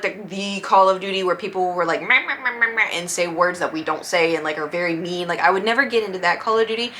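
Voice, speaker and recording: A woman's voice: medium pitch, pushed and bright, slight background noise. A young woman vlogger telling gaming stories in a chatty, playful way and acting out the quotes. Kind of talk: casual storytime vlog.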